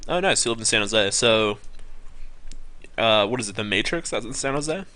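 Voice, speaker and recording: A man's voice: lowish voice, expressive, moderate pace, sharp tone. A young man giving casual live-stream commentary on poker, rambling with many ums and correcting himself as he goes. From California.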